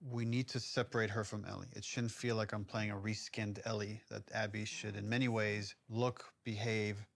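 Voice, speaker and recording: A game director in a behind-the-scenes interview, explaining design choices in a measured way. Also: male voice, on the low side, level tone, creaky.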